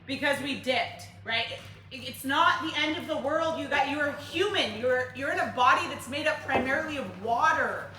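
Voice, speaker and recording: A woman fitness coach talking to a group in a lively way, asking them questions and acting out her clients. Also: sits high, recorded from a distance. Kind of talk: group workshop talk. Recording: roomy, from across the room, faint noise.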